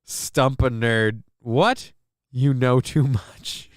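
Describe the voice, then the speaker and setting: A man's voice: medium pitch, very slow, dry recording, studio quality. A man hosting a live stream, chatting casually with his chat in a rambling, sweary, self-mocking way. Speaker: streamer host.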